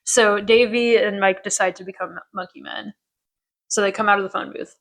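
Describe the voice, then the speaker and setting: A woman co-hosting a podcast, recapping a TV episode in casual chat, animated and quick to laugh as she acts out quotes. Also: medium pitch, poor audio. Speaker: podcast co-host.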